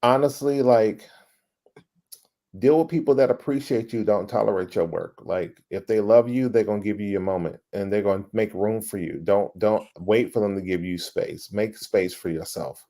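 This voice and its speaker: A middle-aged man, a podcast guest, telling his career story in a casual, animated way, swearing and acting out past scenes. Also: on the low side, moderate pace. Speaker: podcast guest, ad creative director.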